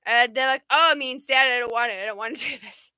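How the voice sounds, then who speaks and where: A woman's voice: on the high side, quick pace, pushed and bright, clear, resonant tone, no echo. A woman hosting a livestream, chatting in a rambling way and answering viewer comments. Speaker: livestream host. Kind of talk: casual live chat.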